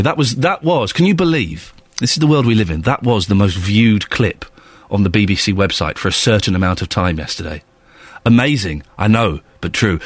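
A man's voice: medium pitch, no echo. A man in his thirties with a London accent, presenting a casual morning radio show with wry, self-mocking chat. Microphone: studio microphone.

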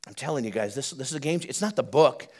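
A man preaching a sermon as pastor, building animated emphasis as he goes. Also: medium pitch, fast talker. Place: church.

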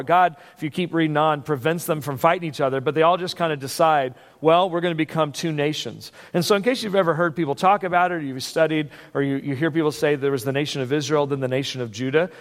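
A male pastor preaching a sermon in a conversational, animated way, with frequent restarts and asides. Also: fairly high pitch. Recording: long hall reverb.

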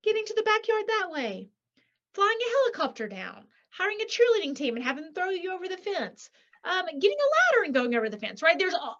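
A woman author, a guest in an interview, talking in a lively way and acting out quoted voices, with many rhetorical "right?"s. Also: high-pitched, lo-fi sound. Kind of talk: animated interview talk.

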